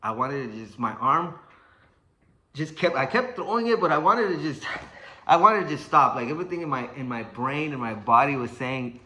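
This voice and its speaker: A man's voice: mid-range voice, moderate pace, roomy sound. A young man telling a story in casual speech, swearing often and acting out sounds and what people said. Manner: swearing, animated, acts out sounds and quotes.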